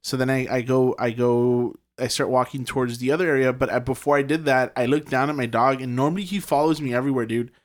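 A man's voice: medium pitch, fairly even intonation, fast, few pauses. A young man telling a story in casual chat, rambling, with lots of fillers and swearing. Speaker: podcast guest telling a ghost story.

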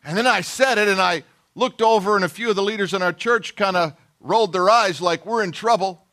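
A middle-aged man preaches with a high, bright voice. He tells a personal story in a folksy, self-deprecating way and slips into the voices of the people he quotes. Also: brisk. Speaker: pastor. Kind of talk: sermon storytelling.

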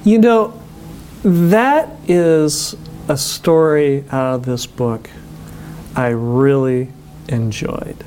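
A man's voice: medium pitch, drawn-out words, darkish tone, a little hiss or hum. A man hosting a casual interview, giving short affirming replies. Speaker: interview host.

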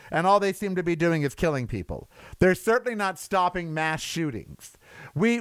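A man's voice: sits high, clear, resonant tone, dry recording. A man delivering a sarcastic, exasperated rant as a commentator, with mocking asides. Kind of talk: ranting monologue.

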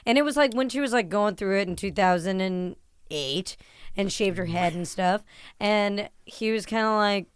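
A young woman co-hosting a podcast in casual chat, chatty and trailing off with quick laughs. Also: mid-range voice, clean tone, no echo. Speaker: podcast co-host.

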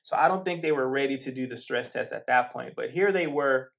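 A man talks football on his own podcast in a loose, rambling monologue. His voice is mid-pitched and ordinary, and his pace jumps between quick bursts and slow, drawn-out stretches. He keeps it casual, full of "um"s and side stories. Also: creaky, fairly bright tone. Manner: rambling, conversational, with frequent fillers and asides. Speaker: podcast host. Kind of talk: casual sports commentary monologue.

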